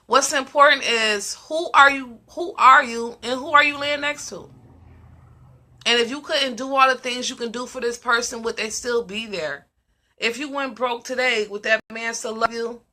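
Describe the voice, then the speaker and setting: Emphatic woman with a bright, ringing voice. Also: a little high, moderate pace. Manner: emphatic, repeats questions. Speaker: host of a live discussion. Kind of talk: casual live-stream talk.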